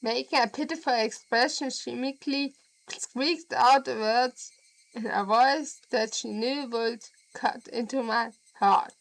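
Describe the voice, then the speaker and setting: A woman's voice: a little high, vocal fry, low-quality recording. A woman with a German accent reading a visual novel aloud on stream and chatting with viewers. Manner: slow, deliberate reading with laughs and asides to chat.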